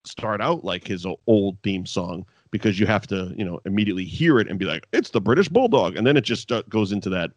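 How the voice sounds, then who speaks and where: A man's voice: sits low, fairly quick, few pauses, no room sound. A man co-hosting a podcast, recapping wrestling in casual, profane chat and laughing often. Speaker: podcast co-host.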